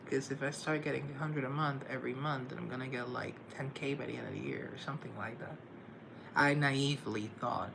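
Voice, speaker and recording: A man's voice: mid-range voice, fairly even intonation, normal speed, vocal fry, background noise. A man chatting casually on a live stream, self-deprecating and playfully sarcastic.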